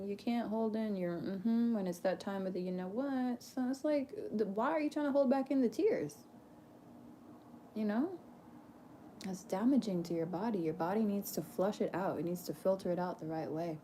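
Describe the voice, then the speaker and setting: A woman's voice: medium pitch, moderate pace, mellow, a little hiss or hum. A woman performer speaking candidly and casually to her audience, emphatic and preachy, laughing often, swearing and using casual slang.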